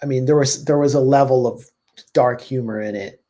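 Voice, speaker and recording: A journalist appearing as a guest, this man talks quickly and sardonically in a casual political conversation, filling it with lots of "like" and "I mean." His pitch sits in the middle, and his tone is steady and warm.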